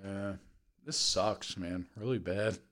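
A man's voice: sits low, slow, a bit bright. A man co-hosting a casual podcast chat, swearing often, laughing and sarcastic. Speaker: podcast co-host.

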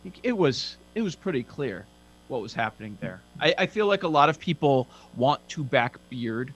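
A man co-hosting a sports podcast, asking questions in a relaxed conversational way. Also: medium pitch, normal speed, rough recording. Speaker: podcast co-host. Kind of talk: casual sports chat.

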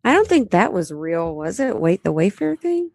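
A woman's voice: medium pitch, sing-song, normal speed, vocal fry, a little mellow, slightly rough, no echo. A woman co-hosting a casual podcast chat, blunt, laughing often and swearing freely. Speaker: podcast co-host.

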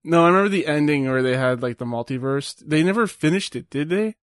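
A man's voice: a little high, expressive, fast, dry recording. Laid-back man with dry wit. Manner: laid-back, laughs often, dry remarks. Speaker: co-host. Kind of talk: casual watch-along chat.

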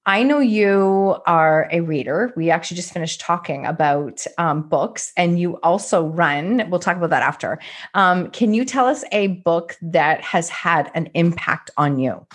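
A woman's voice: on the low side, expressive, unhurried. A woman hosting a podcast interview as a business coach, talking with effusive enthusiasm.

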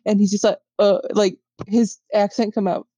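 A woman's voice: medium pitch, flat delivery, moderate pace, mellow, husky, no room sound. A young woman guest on a casual podcast, telling a story and filling her talk with "like". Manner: chatty, fills with "like". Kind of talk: casual chat.

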